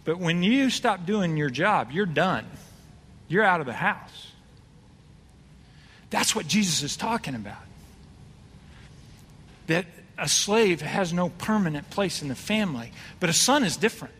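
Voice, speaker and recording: A man's voice: sits high, expressive, measured pace, pauses often, a bit bright, slightly rough. A man preaching a conversational sermon, asking his congregation questions. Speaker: pastor. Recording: reverberant hall.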